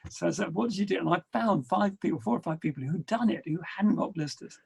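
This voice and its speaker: A middle-aged man from England, a podcast guest telling adventure anecdotes in an animated way and acting out the dialogue. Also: high-pitched, fast talker. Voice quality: gravelly, husky. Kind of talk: storytelling interview.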